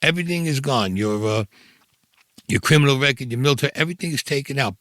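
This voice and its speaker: With no echo, a man's mid-range, slightly bright voice comes through fast. In his seventies and from Brooklyn, New York, he recounts his life for an interview in a blunt, profane way, imitating the voices of others.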